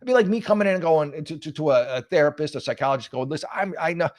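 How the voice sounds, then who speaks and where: A man's voice: a little high, lively intonation, rapid-fire, a little mellow, no room sound. A man hosting a solo talk show, ranting in a mocking, sarcastic way with frequent restarts and stammers. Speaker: host. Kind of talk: solo political talk show, casual rant.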